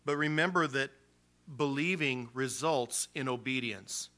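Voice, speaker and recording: A man who is a pastor, preaching an animated sermon in casual, slangy language. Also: mid-range voice, unhurried.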